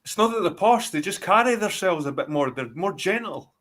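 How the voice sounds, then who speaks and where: This Scottish guest's voice is high-pitched and fairly bright, with lively intonation and a slightly fast pace. On the live stream he rambles bluntly and swears a great deal.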